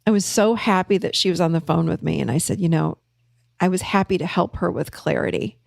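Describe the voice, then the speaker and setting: Speaking fairly quickly in a lowish voice with vocal fry, a woman therapist casually tells her audience about a client, bringing the characters to life when she quotes them. There's no room sound, and the audio is studio-clean.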